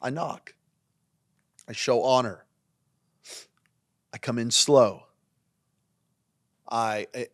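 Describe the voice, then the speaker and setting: A man, a pastor hosting a leadership podcast, teaching in a sermon style, driving points home with repetition and dropping into quieter asides. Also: mid-range voice, fairly even intonation, extremely slow, pauses often. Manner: emphatic and repetitive, swinging between punchy lines and quiet asides.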